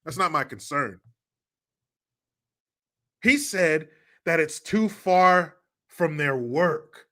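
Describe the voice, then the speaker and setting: Male stream host for a sarcastic live rant; high voice, heavy mockery, swears freely. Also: expressive, drawn-out words, long pauses, pushed and bright. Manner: sarcastic, mocking, profane ranting. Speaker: livestream commentary host.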